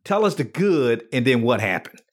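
Male host, husky voice, mid pitch, conversational interview, probing and empathetic. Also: very animated, moderate pace. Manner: probing, empathetic, playfully sarcastic. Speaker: podcast host.

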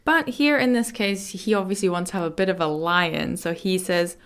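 A woman teaching Mandarin in a lesson podcast, explaining chatty and repeating words slowly and clearly. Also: fairly low pitch, fairly bright tone.

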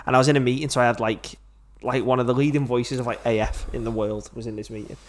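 A man's voice: medium pitch, steady tone, fast talker. A man with a Scouse accent, a podcast host in casual chat, rambling and self-mocking.

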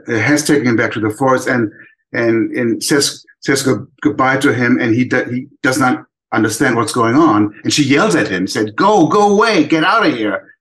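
A man's voice: mid-range voice, a bit bright, poor audio. An older man from Germany with a German accent, speaking as an animator guest in a casual interview, thoughtful and full of restarts. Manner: thoughtful, many restarts and fillers.

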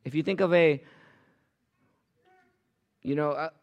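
A man preaches with force, his somewhat high voice swinging from sudden loud peaks to quiet, lowered passages. He delivers a pastor's sermon in an emphatic, driving manner. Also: slow pace, vocal fry, highs cut off. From Los Angeles area.

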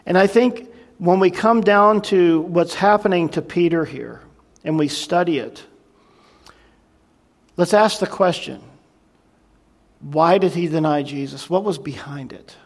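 Here a pastor with a slightly high voice preaches a little slowly, leaving long pauses. He goes through the text verse by verse in a reflective, conversational style and often speaks aside to his congregation.

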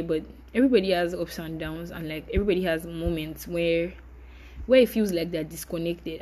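A woman's voice: fairly low pitch, dark tone, rough recording. A young woman, hosting a casual solo podcast and talking candidly in a chatty, apologetic way. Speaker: podcast host.

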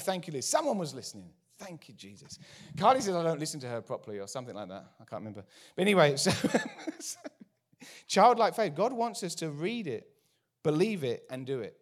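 A man preaching a sermon to a congregation, animated and joking in asides. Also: fairly high pitch, brisk. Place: church before a congregation.

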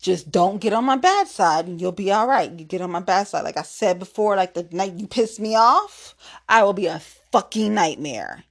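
A woman's voice: medium pitch, lively intonation, normal speed. A woman hosting her own podcast, a tipsy solo rant that is blunt, profane and threatening. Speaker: podcast host.

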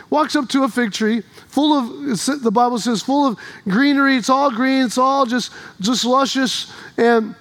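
A man preaching a sermon in a church, telling stories with animation and rising to shouts. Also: very high-pitched.

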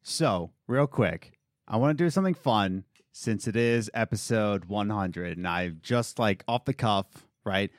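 A man's voice: on the low side, a little slow, dry recording, studio quality. A man hosting a casual podcast, reading out quiz questions and joking with his guests. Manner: animated, laughing, quizzing a guest. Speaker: podcast host.

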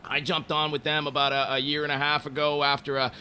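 Bright-voiced Canadian man in casual chat. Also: on the high side, fairly quick, a little hiss or hum. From Montreal, Canada. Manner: relaxed storytelling with many fillers. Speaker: distillery brand representative. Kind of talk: casual interview talk.

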